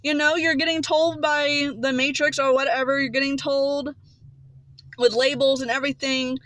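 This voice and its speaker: A woman's voice: sits high, little pitch movement, moderate pace, a bit bright, no room sound. A woman giving a casual, passionate motivational talk as a spiritual vlogger, rambling and repeating phrases for emphasis.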